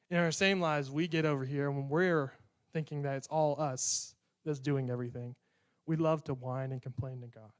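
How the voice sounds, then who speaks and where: A man's voice: on the high side, fairly even intonation, normal speed, smooth. A young man preaching a sermon in a conversational way, acting out prayers and bits of dialogue.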